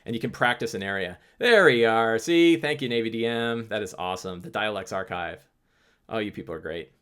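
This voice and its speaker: Casual low-voiced man chatting on stream. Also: a little fast, fairly bright tone, clear, resonant tone. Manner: loose, rambling, many restarts. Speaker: host answering live chat. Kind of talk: casual livestream talk.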